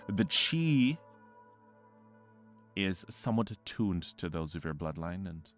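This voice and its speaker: A man's voice: low voice, very animated, slow pace, a bit bright, soft background music. A man narrating a tabletop game as game master, rambling with fillers and self-corrections.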